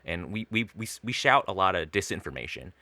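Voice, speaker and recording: A man co-hosting a podcast in casual chat, excitable, swearing and laughing often. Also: low voice, brisk, no room sound. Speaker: podcast co-host.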